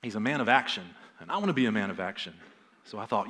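A pastor in his thirties preaches to his congregation in a relaxed, conversational way. He uses fillers and repeats key points for emphasis. His voice sits slightly low for a man. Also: fast. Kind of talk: sermon.

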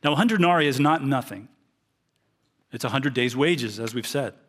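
A man's voice: medium pitch, expressive, normal speed, fairly bright tone. A man preaching a sermon, reading a parable aloud and explaining it earnestly. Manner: earnest, reads scripture aloud then explains it.

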